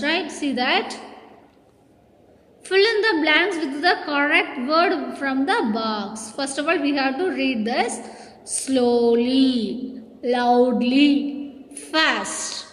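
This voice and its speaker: A woman teacher leads a lesson for young children, addressing them as "my dear children" and stretching out each word with emphasis. Her high voice has a fairly bright tone, and the room is echoey with long reverb.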